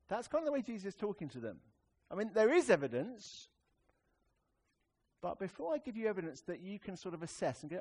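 Conversational preacher man with lively emphasis. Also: high-pitched, a little fast, husky. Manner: conversational, wry, with sudden emphatic rises and quiet drops. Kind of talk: sermon.

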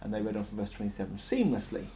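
A man's voice: lowish voice, very animated, very fast, dark tone, slight background noise. Man preaching with lots of ums. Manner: conversational, with many ums and uhs. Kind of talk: sermon.

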